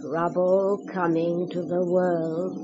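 A woman playing a cryptic, teasing old witch in a radio drama, speaking slowly with a sing-song, swooping voice. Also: on the low side, level tone, over music. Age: older. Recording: muffled lo-fi recording with noise.

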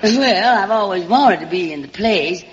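A woman's voice: medium pitch, lively intonation, normal speed, a faint crowd. Theatrical Southern woman on old radio. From Alabama, US South. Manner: theatrical, drawling, calls everyone darling. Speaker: radio show host. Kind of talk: comic monologue on a radio variety show. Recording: muffled old radio broadcast with hall reverb and faint hiss.

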